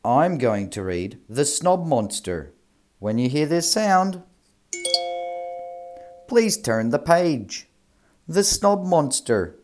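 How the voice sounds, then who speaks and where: A man reading a children's story aloud in a slow, clear, sing-song way. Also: mid-range voice, big pitch swings, over music.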